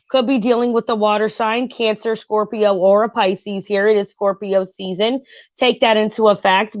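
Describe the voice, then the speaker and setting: A woman's voice: medium pitch, no room sound, lo-fi sound. Chatty woman doing a home tarot reading. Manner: chatty, rambling, frequent fillers and asides to viewers. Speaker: tarot reader and channel host. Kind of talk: casual tarot reading chat with reality TV commentary.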